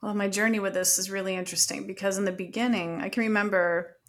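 A woman's voice: mid-range voice, fairly even intonation, fast. A middle-aged woman telling a personal story in an earnest, reflective way as a podcast guest.

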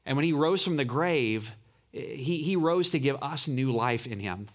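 A man preaching a sermon as a pastor, explaining earnestly and dropping low and slow for emphasis. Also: expressive.

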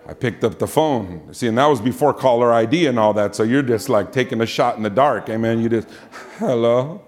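This storytelling sermon comes from a man with a mid-range voice who talks a little fast. He recounts a personal story with animation, acting out the voices he quotes and dropping in frequent "amen"s.

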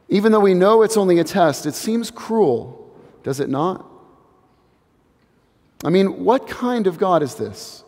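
A pastor in his thirties delivers a sermon earnestly and reflectively, building slowly until key phrases drop to a hush. His voice is slightly high. The long reverb of a large sanctuary surrounds the sound.

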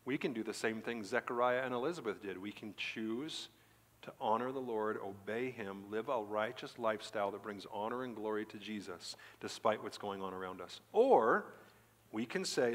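A male pastor giving a Sunday sermon, preaching emphatically and breaking into animated, excited stretches. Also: lowish voice, moderate pace. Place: church sanctuary. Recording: church hall reverb.

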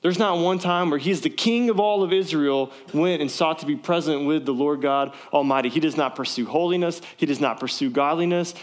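A man preaching a sermon in a casual, conversational way, often asking his listeners questions. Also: on the high side. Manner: conversational, asks the audience questions. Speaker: pastor. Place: church service, also streamed online.

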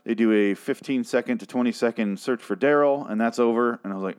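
A man's voice: mid-range voice, fast talker, hardly any pauses, darkish tone, clean tone. A man recapping and ranting about a TV episode in a sarcastic, profane, exasperated way. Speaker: TV episode reviewer. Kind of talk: casual recap and rant.

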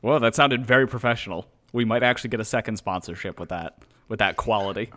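A man's voice: fairly low pitch, steady tone, quick pace, sharp tone. A man co-hosting a casual podcast, rambling and joking with loose, profane asides. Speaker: podcast co-host.

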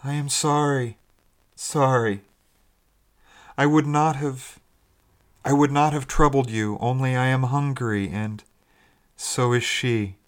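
A man voicing a starving old castaway who speaks in a halting, pleading, hopeless way. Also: medium pitch, pitched above the performer's own voice, lightly acted.

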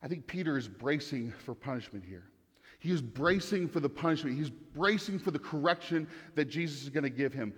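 A man preaches in an earnest, measured way and keeps repeating phrases for emphasis. His voice sits a little high for a man. A long reverb from a large hall trails behind every word. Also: lively intonation, breathy edge. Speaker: pastor. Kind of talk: sermon.

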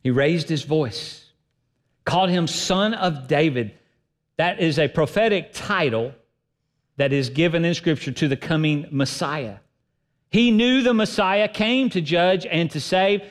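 A man preaching a sermon as pastor, emphatic and swinging between loud and soft delivery. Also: on the high side, unhurried.

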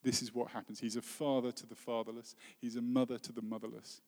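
A man, a worship leader giving an earnest, heartfelt sermon that often drops to a soft voice. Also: mid-range voice, level tone, fast talker. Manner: earnest, heartfelt preaching with soft dropping phrases. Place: church hall. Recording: long reverb of a hall.

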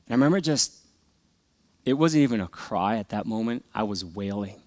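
A man's voice: mid-range voice, lively intonation, normal speed, long pauses, no room sound. A middle-aged man tells a personal story from the pulpit, earnest and emotional. His voice sits in an ordinary middle register. The sound is close and dry, with no room around it. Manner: earnest, emotional storytelling that swings from loud to hushed. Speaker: pastor. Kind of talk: sermon testimony.

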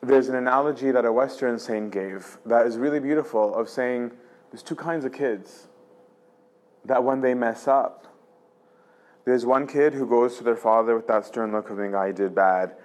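A man's voice: medium pitch, moderate pace. A man giving an informal religious lecture, talking casually and with animation, full of fillers and "right?" tags. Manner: acts out quoted voices of God and the soul. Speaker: lecturer on spiritual life.

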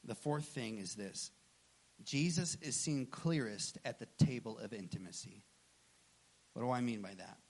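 A man in his thirties, a pastor, preaching a sermon and telling a personal story, acting out the dialogue with lively energy. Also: medium pitch, a little slow.

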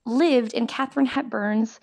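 A woman's voice: a little high, fairly even intonation, a little slow, gravelly, darkish tone. A woman from Texas, a theatre actor, guesting on a podcast over a remote call, bubbly and chatty with lots of laughter. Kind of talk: casual chat.

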